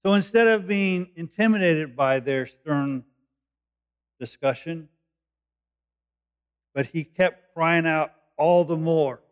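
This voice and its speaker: A man working through a scripture passage like a teacher, explaining in a casual, conversational way. His voice sits a little high. The recording is muffled and lo-fi. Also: slow pace, long pauses, smooth. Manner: conversational, explanatory, thinking aloud. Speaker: preacher. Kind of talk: verse-by-verse Bible teaching.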